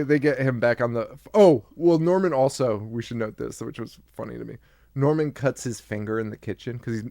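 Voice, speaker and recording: A man's voice: medium pitch, vocal fry, a little mellow, dry recording, studio quality. A man co-hosting a horror podcast, recapping a movie in casual chat, joking, laughing often and acting out lines. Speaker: podcast co-host.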